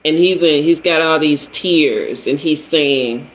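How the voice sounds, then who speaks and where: A man's voice: a little high, slow, a bit bright, rough recording. A man hosting a livestream, telling a personal story and answering viewers by name. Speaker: livestream host, tarot reader.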